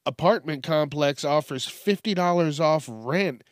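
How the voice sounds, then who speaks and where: A man's voice: on the high side, unhurried, dry recording. Profane ranting man, dry close sound. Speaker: podcast host. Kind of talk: casual news commentary.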